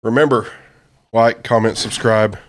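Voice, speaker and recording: A male podcast host casually closing out the show, loose and full of fillers. His voice is lowish. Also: fairly even intonation, measured pace.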